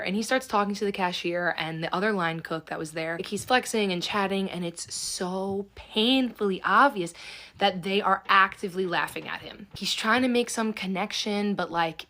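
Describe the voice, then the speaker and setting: Sarcastic young woman telling a story. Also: lowish voice. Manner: animated, profane, sarcastic. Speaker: storyteller host. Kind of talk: casual storytime vlog.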